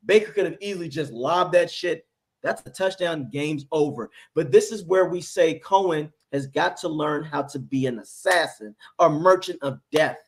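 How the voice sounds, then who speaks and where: A man hosting a sports reaction stream, ranting with fired-up, profane energy. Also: sits high. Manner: fired up, profane, ranting, mocks people in put-on voices. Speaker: host. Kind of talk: heated sports reaction chat.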